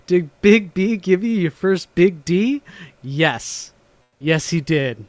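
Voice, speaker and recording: A man's voice: high-pitched, animated, slow pace, no room sound, soft background music. Rambling man on a home livestream. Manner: rambling, swears casually, often laughs. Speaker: livestream host. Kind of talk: casual livestream chat. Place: home room.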